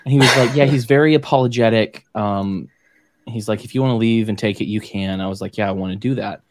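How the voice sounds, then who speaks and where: A man telling a story in casual chat with friends, animated and swearing, acting out the quoted voices. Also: fairly low pitch, fast talker, no echo.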